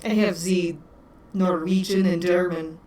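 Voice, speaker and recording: With a lowish, darkish voice that stays steady and a little slow, a Wisconsin-accented woman game-masters a tabletop session. She's chatty and giggly, laughs freely and talks to her pets. The recording is echoey, distant and carries faint noise.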